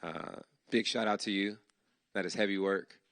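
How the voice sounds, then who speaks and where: A man's voice: lowish voice, steady tone, normal speed, gravelly, a bit bright, no room sound. A man hosting a startup demo day, giving heartfelt, casual, slangy thanks to his team in a live speech before an audience. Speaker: event host giving thanks. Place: event hall before an audience.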